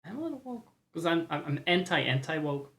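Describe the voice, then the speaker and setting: A man's voice: on the high side, big pitch swings, moderate pace, fairly bright tone. A man streaming live and reacting to a game trailer, ranting with opinions, swearing and mocking voices.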